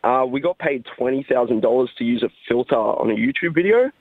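A man's voice: medium pitch, lively intonation, a little fast, no echo. A man speaking as a guest, answering questions casually and in a laid-back way. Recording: dry tinny phone line.

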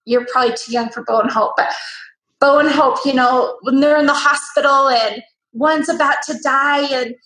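A woman interview guest telling a personal story in an animated way. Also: high-pitched, normal speed, echoey room, rough recording. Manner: lively, acts out quoted voices.

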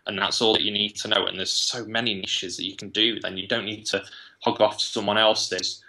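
Bright-voiced Englishman, low and chatty. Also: flat delivery, poor audio. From England. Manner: thinks aloud with many quick restarts. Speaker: guest, web agency founder. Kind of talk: casual interview chat.

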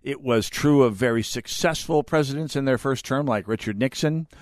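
A man's voice: mid-range voice, moderate pace, no echo, studio quality. A man in his fifties hosting a talk radio show, delivering an opinionated monologue that rambles off on tangents and restarts his words. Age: 50s.

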